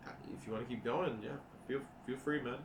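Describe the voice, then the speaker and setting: A man's voice: mid-range voice, quick pace, noisy background. A man narrating a tabletop game as game master. He rambles casually and swears. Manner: rambling, laughing, profane asides. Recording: echoey room, mic at a distance.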